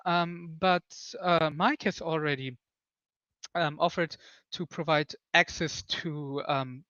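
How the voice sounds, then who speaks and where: A man with a fairly high voice talks through build servers in a halting way, full of "um"s and restarts. His voice sounds dry, with no room around it, and the call audio is dull and lo-fi. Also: bright, forceful tone, no room sound. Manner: hesitant, many fillers and restarts. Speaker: developer on a conference call. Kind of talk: technical discussion.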